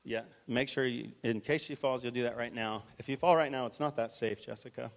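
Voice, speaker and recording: A man's voice: mid-range voice, fairly quick, vocal fry, slight background noise. A man preaching a conversational, urgent sermon, directing volunteers on stage. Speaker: pastor. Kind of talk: live sermon with stage illustration. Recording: reverberant church hall.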